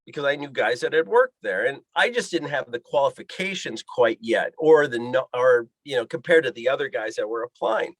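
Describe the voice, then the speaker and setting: A man's voice: mid-range voice, animated, fairly quick, few pauses, no echo. A man telling a story as a podcast guest, acting out the voices in the dialogue he quotes. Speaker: guest, pilot and fishing guide. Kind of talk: animated storytelling.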